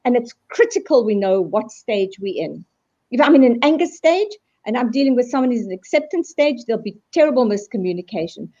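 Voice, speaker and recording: Animated woman on a dull video call. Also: a little high, brisk. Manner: animated, acts out quoted voices. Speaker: guest speaker on resilience. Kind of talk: live video call discussion.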